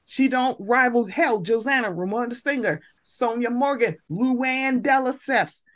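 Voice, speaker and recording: Blunt, animated woman podcast host. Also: a little high, a little slow. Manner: animated, blunt, slangy commentary with quoted asides. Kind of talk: casual chat.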